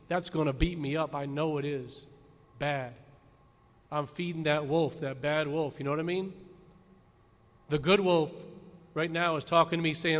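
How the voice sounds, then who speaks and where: A man in his fifties, a high school principal, telling a folksy story in a graduation speech from a podium. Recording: long hall reverb at a ceremony.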